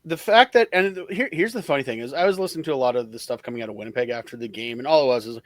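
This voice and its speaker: A man co-hosting a podcast, chatting casually about football. He sounds animated and exasperated and laughs easily. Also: medium pitch, very fast, few pauses, no echo. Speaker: podcast co-host. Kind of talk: casual sports chat.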